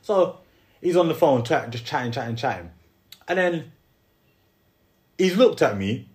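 Animated young London man telling a story. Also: fairly high pitch, measured pace. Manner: animated, slangy, restarts and repeats himself. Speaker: podcast co-host. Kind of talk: casual storytelling chat.

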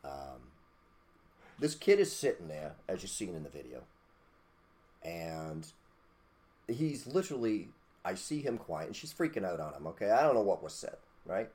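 Deep-voiced blunt podcast host ranting. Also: male voice, sing-song, moderate pace, long pauses, darkish tone. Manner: blunt, preachy, mild cursing, repeated "okay?". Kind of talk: casual opinion rant.

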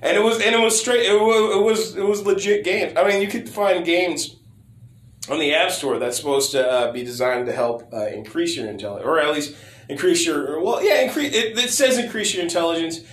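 A man in casual chat, rambling with many stammered restarts and a lot of swearing, his voice going hoarse. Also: a little high, normal speed. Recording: roomy echo.

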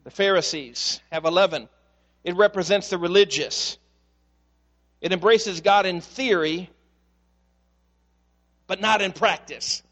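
A man's voice: high-pitched, a little slow, pauses often, fairly bright tone. A male pastor preaching a sermon in a church, speaking earnestly and putting questions straight to the congregation.

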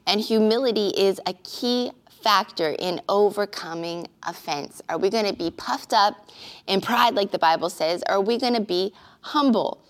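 A woman pastor giving an earnest, conversational sermon-style teaching with occasional filler pauses. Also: medium pitch.

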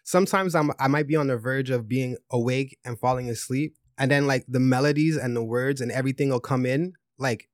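A man's voice: medium pitch, brisk, hardly any pauses, no echo, clean studio sound. A man who is a musician guest on a podcast, laid-back and rambling as he explains things. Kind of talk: casual podcast chat.

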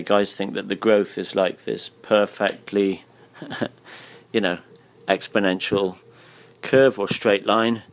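Tired male host, low-pitched, laid-back and blunt. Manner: blunt, swears freely, laughs often. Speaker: podcast host. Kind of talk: casual interview chat. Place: hotel room.

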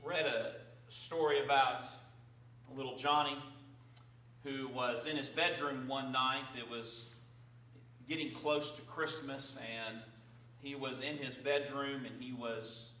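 A man's voice: mid-range voice, fairly even intonation, slow, sharp tone, slight background noise. A man preaching a sermon as pastor, praying and then talking conversationally with fillers. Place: church sanctuary. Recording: roomy, distant from the mic.

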